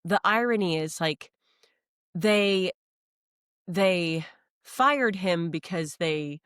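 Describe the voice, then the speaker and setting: A woman co-hosting a podcast from home with her husband, chatting casually, quick to agree and laugh. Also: on the low side, fairly bright tone, clear, resonant tone, no echo, clean studio sound. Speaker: co-host, wife. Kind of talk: casual chat.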